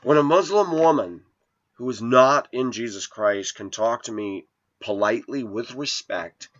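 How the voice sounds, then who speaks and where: A man's voice: medium pitch, unhurried, fairly bright tone, highs cut off. A man in his forties telling a rambling personal story in an indignant, preachy way to his viewers. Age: 40s. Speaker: vlogger.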